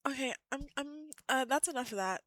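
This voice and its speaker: A woman's voice: sits high, expressive, a little fast, fairly bright tone, dry recording. A woman live-streaming and chatting casually with her viewers, giggly and often correcting herself.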